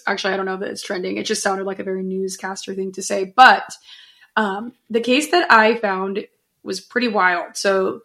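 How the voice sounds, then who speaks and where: A woman co-hosting a podcast in a loose, chatty way, full of fillers and asides. She walks through a news story conversationally, at an even middle pitch. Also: moderate pace. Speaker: podcast co-host. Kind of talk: casual chat, storytelling a news case.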